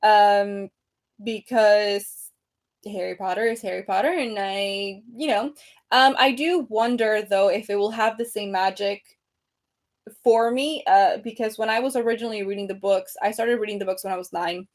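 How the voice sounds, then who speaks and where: A woman's voice: medium pitch, steady tone, normal speed. A woman in her thirties casually chatting on a home livestream, reading comments aloud with many ums and restarts. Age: 30s. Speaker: creator hosting a livestream. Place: room at home. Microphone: computer webcam mic, seated at desk.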